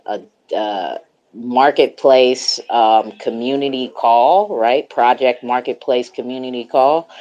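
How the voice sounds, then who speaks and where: A woman's voice: a bass voice, darkish tone, dull audio. A woman hosting a casual online group chat, speaking into her phone in a laid-back, slangy way with plenty of fillers and frequent laughter. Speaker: host of a social audio chat room.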